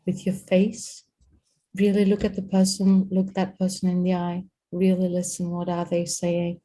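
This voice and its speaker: Energetic woman coach, mellow voice. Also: lowish voice, moderate pace. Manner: energetic, repeats words, talks to a co-host. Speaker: host and communication coach. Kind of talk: live-streamed coaching talk.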